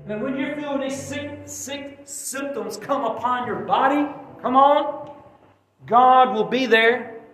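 A high-pitched man preaching a folksy sermon, calling for amens from the pews. His voice rings through a very echoey church hall, caught from far off the mic with faint music underneath. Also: takes it slowly, fairly bright tone. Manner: folksy, preachy, call-and-response. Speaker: pastor. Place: church sanctuary.

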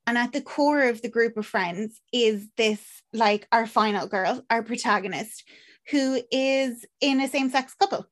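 A woman's voice: on the high side, a little slow, fairly bright tone. A woman with an Irish accent chatting casually as a podcast co-host, rambling with lots of fillers and acted-out quotes. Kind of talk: casual chat recapping a film.

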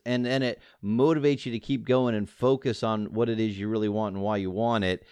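A man's voice: on the low side, steady tone, fairly quick, hardly any pauses, darkish tone, smooth, no room sound, clean studio sound. A man hosting a podcast, talking in an upbeat, encouraging and folksy way. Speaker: podcast host. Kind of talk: motivational interview chat.

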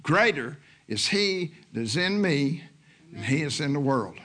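A man preaching a sermon as guest minister, moving from quiet scripture teaching to loud shouted preaching. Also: fairly high pitch, big pitch swings, a little slow. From Oklahoma. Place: church sanctuary.

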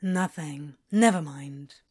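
A woman voicing a tipsy, evasive male demon in a fan fiction reading, mumbling and halting. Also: sits low, darkish tone, slightly rough, pitched below the performer's own voice, exaggerated voice.

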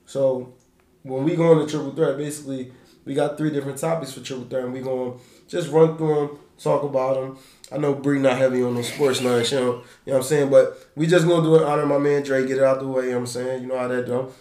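A man from Philadelphia hosting a podcast, talking sports in casual, profane, animated banter. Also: mid-range voice, fast, reverberant. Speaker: podcast host.

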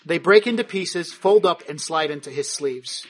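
A man running a tabletop game, narrating action crudely and vividly. His voice sits high for a man, with faint music underneath. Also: normal speed, fairly bright tone. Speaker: game master.

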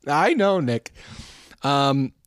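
A man's voice: mid-range voice, sing-song, very slow, smooth, no room sound. Male co-host, loose and profane, mid-range voice, dry recording. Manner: rambling, profane, chuckles often. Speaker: podcast co-host. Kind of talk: casual beer podcast banter.

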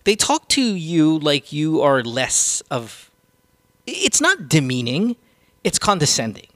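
A man's voice: a little high, pushed and bright, no room sound, clean studio sound. A man hosting a podcast, ranting casually with strong opinions and plenty of swearing. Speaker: podcast host.

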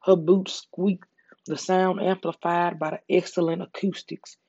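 Mellow Southern US ASMR storyteller. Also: medium pitch, husky, dry recording. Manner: calm, slow, soothing reading. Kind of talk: soft ASMR story reading. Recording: dull lo-fi recording.

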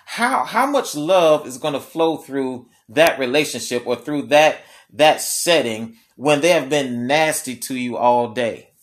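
A man preaching a sermon in a conversational way, repeating key lines slowly for emphasis. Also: medium pitch, lively intonation.

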